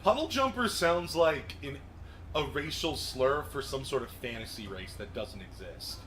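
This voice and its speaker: A man streaming a racing game, commenting casually, swearing often and breaking into yelps and shouts. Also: medium pitch, measured pace. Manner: excitable, swears a lot, bursts into yelps and shouts. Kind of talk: live gameplay commentary. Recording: noisy game stream audio.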